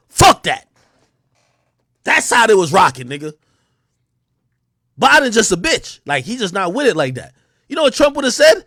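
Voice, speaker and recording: A man hosting an unscripted livestream, talking in an animated, profane way and mocking people with quick impressions. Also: sits high, no room sound, studio quality. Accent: New York. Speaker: livestream host.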